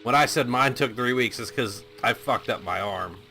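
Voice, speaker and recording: A man's voice: medium pitch, moderate pace, vocal fry, sharp tone, soft background music. A man hosting a reaction video, chatting casually to camera in a rambling, self-deprecating way with frequent swearing.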